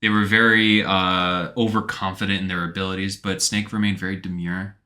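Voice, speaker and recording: A man's voice: deep voice, level tone, moderate pace, sharp tone. A man co-hosting a podcast, chatting casually and jokingly about a game and laughing often. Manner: jokey, laughs often, acts out characters in quotes. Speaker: podcast co-host. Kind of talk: casual chat recapping a video game.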